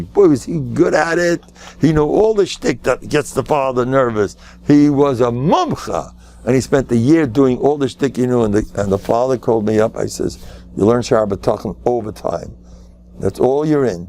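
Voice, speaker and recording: An older man, a rabbi, giving a Torah lecture full of stories, with jokes thrown in and sudden high-pitched jumps for emphasis. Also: darkish tone.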